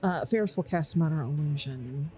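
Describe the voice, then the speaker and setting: A woman at a tabletop game speaks quietly and a little hesitantly in a fairly low voice. Faint music plays behind her. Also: moderate pace. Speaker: player. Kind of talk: casual tabletop game chat.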